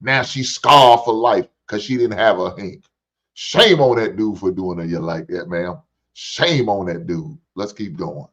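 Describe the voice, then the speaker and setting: A man's voice: low-pitched, measured pace, fairly bright tone. A man hosting a show, ranting profanely and preaching at the camera, sometimes taunting in a sing-song voice. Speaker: show host reacting to clips. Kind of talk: casual commentary. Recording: dull lo-fi sound.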